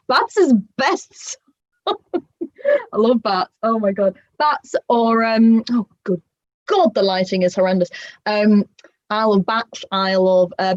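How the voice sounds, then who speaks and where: A woman's voice: medium pitch, no room sound. Bubbly northern English woman on a dull, dry stream. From Northern England. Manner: bubbly, rambling, laughs often. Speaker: convention panel guest. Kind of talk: livestreamed solo panel, reading chat. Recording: dull, dry home livestream audio.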